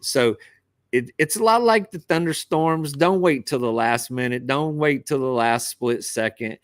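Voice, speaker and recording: A man with an average pitch gives plain cautionary advice to other anglers. He tells his boating stories in a casual podcast chat over a remote call. The sound is dry and close. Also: measured pace, dry recording. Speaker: fishing captain, podcast co-host. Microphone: remote call over wifi.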